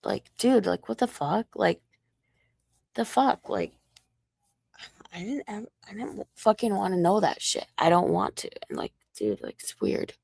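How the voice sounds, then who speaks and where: Young woman, livestream rant, profane, confrontational, low gravelly voice, dry sound. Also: measured pace, dry recording. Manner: profane, confrontational, addressing someone directly.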